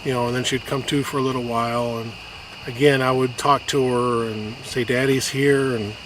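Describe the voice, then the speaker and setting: Male vlogger, emotional halting storytelling outdoors, noisy outdoor recording. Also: medium pitch, steady tone. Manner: halting, many restarts, gets choked up. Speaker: vlogger telling a personal story. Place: outdoors on a hiking trail.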